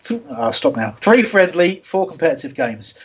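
A man reading out a listener's message in a put-on faux Russian accent, halting and exaggerated. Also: mid-range voice, very animated, breathy edge, lo-fi sound. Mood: mock-serious.

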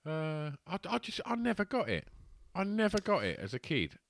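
A man's voice: a little high, wildly swooping pitch, normal speed, gravelly. A man, co-hosting a podcast and rambling enthusiastically about films, swearing freely. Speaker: podcast co-host. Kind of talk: casual banter about films.

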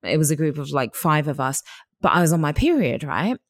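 A woman in casual chat, expressive and quick to laugh, her pitch rising and falling widely. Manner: expressive, laughs often, wide swings in pitch.

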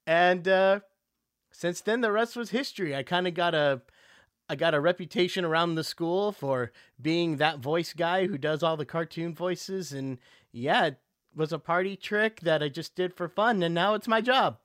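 A man who is a voice actor, a guest in a casual interview, telling animated stories and slipping into character voices. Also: on the high side, moderate pace, no room sound, studio quality.

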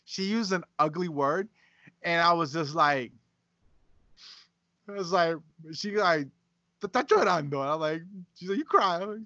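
A man's voice: fairly high pitch, unhurried, pauses often, sharp tone. A man co-hosting a podcast in casual chat, teasing and bantering in an easygoing way, with laughs. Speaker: podcast co-host. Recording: dull, lo-fi podcast audio.

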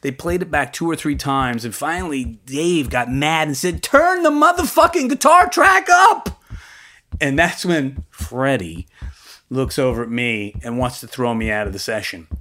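Man telling an animated studio story. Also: medium pitch, moderate pace. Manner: animated, acts out the voices of others in his anecdotes. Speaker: interviewee recounting his studio career. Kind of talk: casual storytelling.

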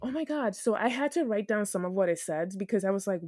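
A woman's voice: mid-range voice, lively intonation, quick pace, few pauses, a little mellow, no room sound, clean studio sound. A woman co-hosting a podcast, chatting casually about a reality show and acting out what people said in exaggerated voices. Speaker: podcast co-host.

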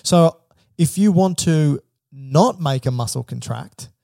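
Gravelly, dark-toned man explaining casually. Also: a little high, animated, takes it slowly, no room sound, studio quality. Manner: explains in plain steps, asks prompting questions. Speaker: podcast co-host. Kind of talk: casual educational chat.

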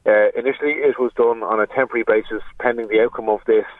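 A man's voice: mid-range voice, fairly even intonation, fast, no room sound. A man with an Irish accent, a political editor speaking down a phone line on a radio show, explaining steadily with many fillers and restarts.

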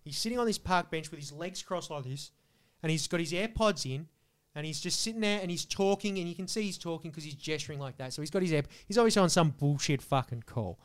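High-voiced swearing podcast man. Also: quick pace. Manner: profane, animated storytelling. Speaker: podcast co-host. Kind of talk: casual podcast banter.

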